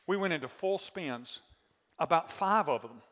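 Pastor, male, bright forceful voice, animated storyteller asking the room questions. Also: a little high, a little slow, long reverb tail. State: voice worn from screaming. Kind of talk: sermon with storytelling.

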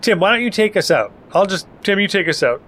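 A man talks casually at a tabletop game, upbeat and quick to joke. His voice sits a bit high and moves around a lot as he hands out roles. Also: lively intonation, fairly bright tone, slight background noise. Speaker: player.

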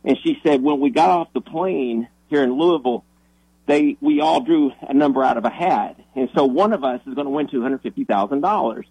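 A man who is a minister, telling a story on the radio in an animated, excitable way, often restarting his sentences. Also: medium pitch, brisk, breathy edge, dry recording, poor audio.

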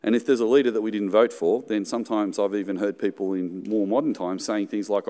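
Australian man, middle-aged pastor, low voice, sermon with jokes, long hall reverb. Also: steady tone, a little fast, mellow. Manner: conversational, joking asides, acts out quoted voices.

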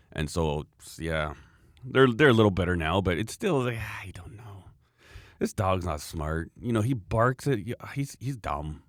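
Low-voiced guy rambling on, dry close mic, kinda wry. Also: very animated, normal speed, dry recording. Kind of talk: casual chat.

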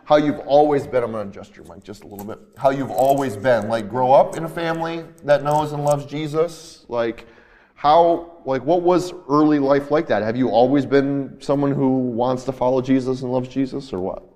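Man, interviewer, mid pitch, rambling, filler-heavy, reverberant room. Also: moderate pace, warm tone. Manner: rambling, searching questions with many fillers. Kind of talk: faith-based interview.

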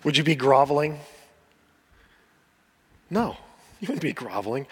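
A man preaching a sermon as pastor, earnest and pleading, often dropping to a soft voice and repeating words as he builds. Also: on the high side, big pitch swings, unhurried, long pauses, slightly rough. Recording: long hall reverb.

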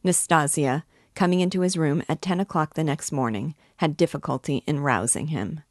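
A woman teaching literature, reading a classic novel aloud in a measured, clear way. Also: deep voice, no room sound, studio quality.

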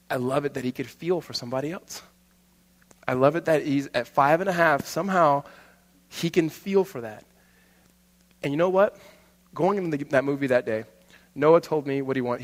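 A man in his thirties, a pastor telling a family story in a conversational sermon, with frequent restarts. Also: medium pitch. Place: church hall. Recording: long hall reverb.

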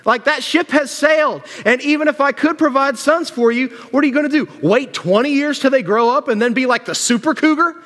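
A man voicing a bitter, grieving older woman who pleads with her daughters-in-law in a raised, exasperated pitch, heard during a sermon. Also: fairly quick, few pauses, fairly bright tone. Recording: long church-hall reverb.

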